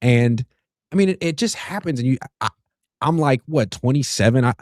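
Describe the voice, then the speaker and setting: A man's voice: medium pitch, lively intonation, moderate pace, a little mellow, no echo, clean studio sound. A man in his thirties hosting a casual sports talk show, reading viewer comments in an easygoing way. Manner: easygoing, reads super chats aloud.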